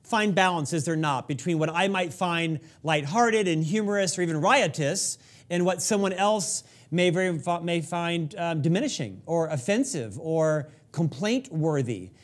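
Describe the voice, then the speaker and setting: A man's voice: fairly high pitch, lively intonation, normal speed. A man hosting an interview, asking playful, complimentary questions. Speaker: interview host.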